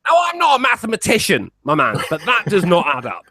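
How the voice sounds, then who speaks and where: A man's voice: high-pitched, huge pitch swings, brisk, pushed and bright, dry recording, clean studio sound. An English man, a guest on a live podcast, bantering brashly with lots of swearing and laughter. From England. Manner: brash, profane, laughing often.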